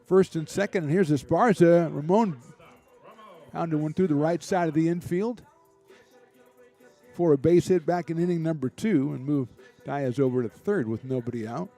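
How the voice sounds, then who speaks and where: A man doing relaxed, chatty play-by-play commentary for a college baseball game, with small asides and jokes between pitches. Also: moderate pace. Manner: relaxed, chatty, lightly joking between pitches, rising excitement on big plays. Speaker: play-by-play announcer.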